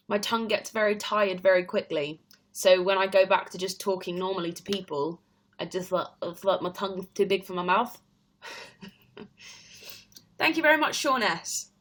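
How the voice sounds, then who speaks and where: A woman's voice: mid-range voice, a bit bright. Chatty young British woman, rambling. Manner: chatty, rambling, laughs often. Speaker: livestream host. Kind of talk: casual live-stream chat.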